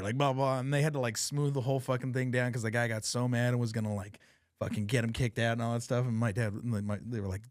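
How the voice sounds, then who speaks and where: A man hosting a podcast, telling funny family stories in a casual, profane, animated way. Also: medium pitch, fast, dry recording, clean studio sound. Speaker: podcast host. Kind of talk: casual chat, storytelling.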